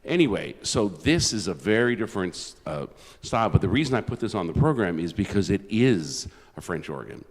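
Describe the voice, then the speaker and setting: A man's voice: fairly low pitch, sing-song, fairly quick, hardly any pauses. A man from Canada, a concert organist, giving a chatty, self-deprecating spoken introduction with frequent restarts. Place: large church. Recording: long church reverb.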